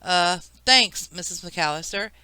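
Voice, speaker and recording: A man's voice: sits high, lively intonation, a little slow, sharp tone, clean tone, no echo, full character voice. A woman reading an audiobook, voicing a male crook posing as a polite police officer. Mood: fake polite. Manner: falsely polite.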